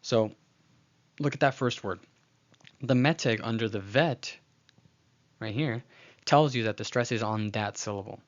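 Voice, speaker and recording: A man with a fairly low voice walks through a lesson on reading, patiently repeating each word slowly so the learner hears it. His talk is loose, with fillers and restarts. The audio is a bit dull and lo-fi. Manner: patient, repeats words slowly to model pronunciation; uses frequent fillers and restarts. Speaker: language teacher. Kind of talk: recorded lesson explaining slides.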